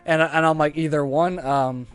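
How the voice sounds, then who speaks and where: A man's voice: on the high side, steady tone, moderate pace, smooth, faint music behind. A man co-hosting a casual movie review podcast, hesitant and repeating his words. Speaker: podcast co-host.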